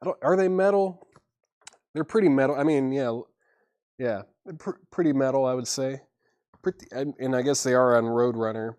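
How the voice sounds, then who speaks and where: At a normal speed and an ordinary middle pitch, a relaxed man runs a live-stream record sale from a shop, calling out albums, prices and buyer names. He's easygoing and chuckles at himself, and the sound is dry with no room echo.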